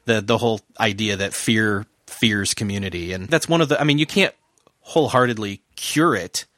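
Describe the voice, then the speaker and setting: A man hosting a casual podcast conversation, talking in a halting, earnest way that keeps circling back to his point. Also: lowish voice, fairly bright tone, no room sound, studio quality.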